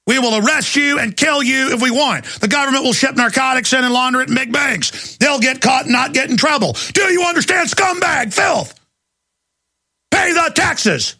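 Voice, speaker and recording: A man voicing a brutal, sneering male riot cop who shouts contemptuous threats. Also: very high-pitched, normal speed, breathy edge, pitched above the performer's own voice, heavily acted. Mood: snarling.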